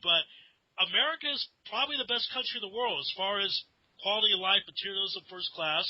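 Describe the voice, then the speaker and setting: A man hosting a radio talk show, fast and a bit high in pitch. He asks his questions conversationally. The sound is dry and dull, like lo-fi radio. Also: no echo. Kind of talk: radio interview.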